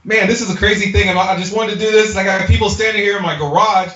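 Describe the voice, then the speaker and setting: Guy doing stand-up in his garage, kinda high voice, roomy echo, chatty jokey delivery. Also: steady tone, quick pace, bright, forceful tone. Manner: chatty, playful, self-mocking punchlines. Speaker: stand-up comedian. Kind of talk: stand-up comedy set. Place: home garage with people standing around. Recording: echoey garage, lo-fi live stream audio.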